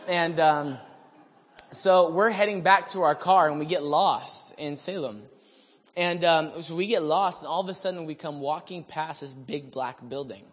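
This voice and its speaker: Male preacher, animated testimony storyteller, higher voice, big reverberant church sound. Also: moderate pace. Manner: animated, swings from hushed to shouting. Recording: long hall reverb.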